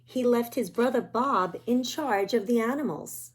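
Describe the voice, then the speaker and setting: A woman reading a picture book aloud to young children, gentle and pointing out the pictures as she goes. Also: fairly high pitch, unhurried, breathy edge. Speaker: children's storyteller.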